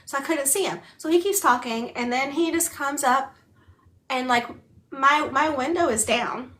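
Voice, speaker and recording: A woman's voice: high-pitched, moderate pace, a bit bright. A woman co-hosting a book club, chatting casually in a rambling way full of filler words while she also signs. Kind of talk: casual chat.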